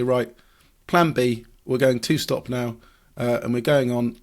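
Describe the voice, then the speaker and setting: A man's voice: medium pitch, gravelly. A man, a motorsport journalist, explaining racing strategy in a podcast discussion, analytical with frequent fillers and restarts.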